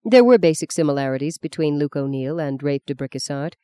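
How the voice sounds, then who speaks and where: Audiobook narrator, woman, measured and even; dark, lowish tone, dry close mic. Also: clear, resonant tone, dry recording. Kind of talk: scripted narration.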